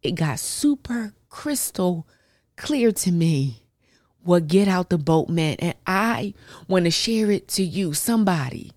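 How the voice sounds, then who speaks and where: A low-pitched woman talks into a close mic, her voice dry with no room sound. She hosts a podcast and shares a personal faith testimony in casual, colloquial words. Her delivery swoops high and low as she acts out her own reactions. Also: very animated, slow, darkish tone, no room sound. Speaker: podcast host.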